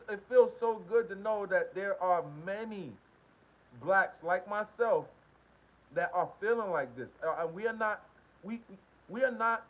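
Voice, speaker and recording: A man hosting a live stream, talking casually and repetitively in while reading viewer comments. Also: high voice. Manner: venting, repetitive, slangy. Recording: dull lo-fi stream with faint hiss.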